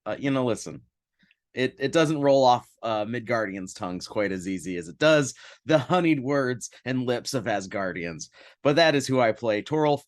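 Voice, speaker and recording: A man's voice: medium pitch, animated, moderate pace, no room sound, studio quality. A man playing in an online tabletop game, describing his character in a playful, theatrical way. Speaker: player.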